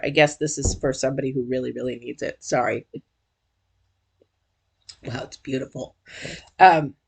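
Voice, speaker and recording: A tarot reader giving a casual intuitive reading straight to viewers, chatty and emotional, with sudden high exclamations.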